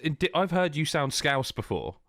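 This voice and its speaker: A man hosting a casual podcast chat, talking in halting restarts. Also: fairly high pitch, sing-song, a bit bright, dry recording.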